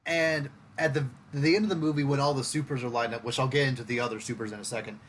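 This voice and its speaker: A podcast host, a man with a voice in the middle of the usual range, reviews a movie in casual conversation. He builds his points slowly, pausing with "um" and "like". Faint noise sits under his voice. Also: medium pitch, level tone, a bit bright. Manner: thoughtful, explains at length with fillers.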